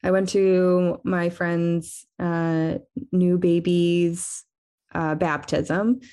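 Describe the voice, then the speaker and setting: A woman hosting a podcast, chatting gently and signing off to listeners. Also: lowish voice, level tone, extremely slow, smooth. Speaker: podcast host. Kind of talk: casual chat and sign-off.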